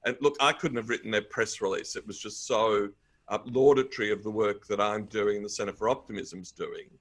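A man's voice: lowish voice, fairly even intonation, moderate pace, a bit bright. A middle-aged man with an Australian accent, a guest in a conversational interview, telling upbeat anecdotes. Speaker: guest, author and speaker.

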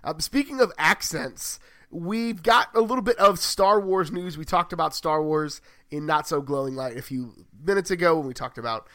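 Podcast guy, bright slightly high voice, rambly, keeps fixing what he says, dry close sound. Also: normal speed, no room sound. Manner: rambling, self-correcting, thinks out loud. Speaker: podcast co-host. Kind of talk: casual chat.

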